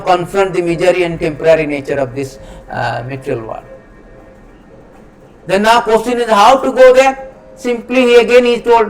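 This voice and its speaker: A man's voice: sits high, slight background noise, poor audio. A man giving a scripture lecture, emphatic and repetitive, chanting Sanskrit verses in between. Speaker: preacher.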